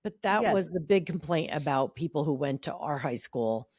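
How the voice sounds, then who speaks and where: A woman's voice: low-pitched, animated, moderate pace, a little mellow, slightly rough, dry recording, studio quality. A middle-aged woman co-hosting a podcast, talking through her thoughts in casual chat. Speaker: podcast co-host.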